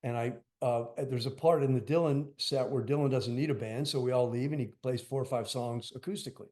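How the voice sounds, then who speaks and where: A man's voice: medium pitch, fairly quick, dark tone, faint music behind. An older man, a guest musician, telling stories in a rambling, emphatic way, full of fillers. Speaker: guest drummer. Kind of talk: casual interview storytelling.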